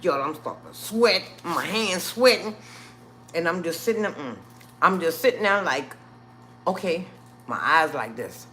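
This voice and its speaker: A woman's voice: lowish voice, a little slow, slight background noise. A woman, hosting a live stream and telling her viewers a story, acting out what people said and calling the viewers y'all. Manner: animated, addresses viewers as y'all, acts out quotes.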